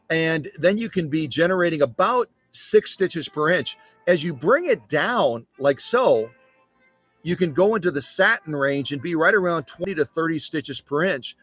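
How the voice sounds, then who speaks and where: A man's voice: a little high, husky, no echo. Chatty man demonstrating in a workshop. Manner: chatty, self-deprecating, spells words out slowly. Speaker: sewing machine restorer. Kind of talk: casual demonstration to camera.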